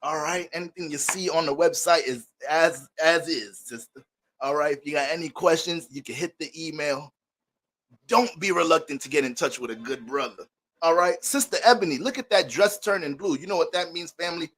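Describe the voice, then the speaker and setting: A man's voice: on the high side, a little fast, a bit bright. A man hosting an astrology livestream, greeting viewers by name in playful mock-preacher banter.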